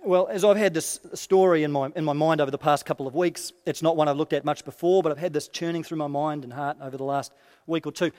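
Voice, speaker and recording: A man preaching a sermon expressively, dropping quiet and low for quoted lines. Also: steady tone, fast talker. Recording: long hall reverb.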